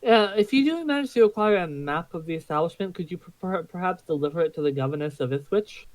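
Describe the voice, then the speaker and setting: Man doing a formal lady adventurer, courteous, slightly high voice, dry close mic. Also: animated, fast talker, no echo. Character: formal adult woman adventurer.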